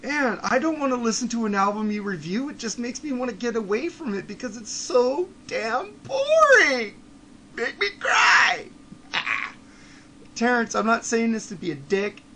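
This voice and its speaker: A man with a high-pitched voice rants on his podcast, blunt and profane. He drops into low mutters, then builds to heated shouting, with faint ambient noise behind him. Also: lively intonation, fairly quick. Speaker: podcast host. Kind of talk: ranting monologue.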